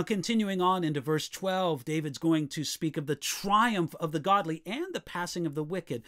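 A man preaching a sermon, reading scripture slowly and asking the listeners rhetorical questions. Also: sits high, fairly bright tone.

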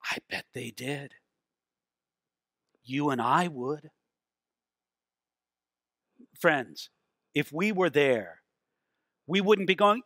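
Male pastor, high voice, dry close sound, lively sermon delivery with acted quotes. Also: dry recording. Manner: animated preaching with acted quotes, dramatic slowdowns.

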